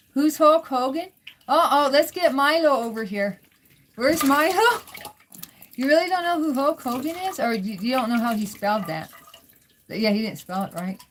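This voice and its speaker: A woman with a mid-range voice hosts a casual livestream, chatting with viewers, reading their comments and laughing often, with a little hiss or hum in the audio.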